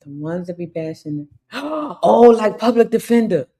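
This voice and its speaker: A woman co-hosting a casual talk show who reacts with exclamations, frequent laughter and steady "mm-hmm"s and "right, right"s. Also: medium pitch, a little slow. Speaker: podcast co-host.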